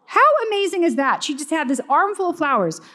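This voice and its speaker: A middle-aged woman giving a joking, irreverent conference keynote on stage, tossing off quick asides to the audience. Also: high voice, sing-song, a bit bright. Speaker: keynote speaker. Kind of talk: comedic conference talk.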